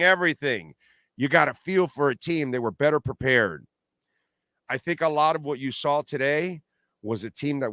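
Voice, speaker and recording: A middle-aged man hosting a postgame sports talk livestream, animated and blunt, repeating points for emphasis. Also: mid-range voice, no echo, studio quality. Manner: blunt and salty, pleads with viewers. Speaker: sports talk show host.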